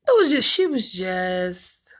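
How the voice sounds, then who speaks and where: A woman in her forties from Cleveland, telling folksy, animated family stories to the camera and hushing her voice to mimic her mother. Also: lowish voice, slow. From Cleveland, Ohio. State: emotional, choked up at times. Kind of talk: personal storytelling to camera.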